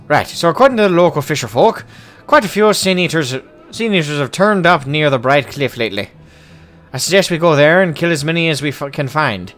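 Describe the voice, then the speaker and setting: A man's voice: on the high side, fairly bright tone. A man voicing a jovial, hard-drinking male dwarf adventurer in a put-on Irish accent, hearty and boastful. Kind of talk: voicing game dialogue aloud.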